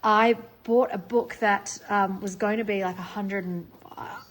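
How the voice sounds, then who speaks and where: A middle-aged woman chatting casually in a vlog, gushing excitedly over her finds. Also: medium pitch, unhurried, a little hiss or hum, poor audio. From Australia. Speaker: vlogger. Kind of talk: casual chat.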